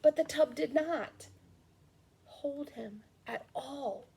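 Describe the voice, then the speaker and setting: A woman reading a children's storybook aloud with expressive, slow storytelling. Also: high voice, vocal fry. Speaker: storybook reader.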